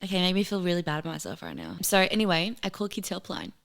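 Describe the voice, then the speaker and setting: A woman's voice: lowish voice, sing-song, very fast, gravelly. A woman, co-hosting a podcast and telling personal stories candidly, in a rambling way with lots of fillers. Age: 20s. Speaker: podcast co-host. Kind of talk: casual chat.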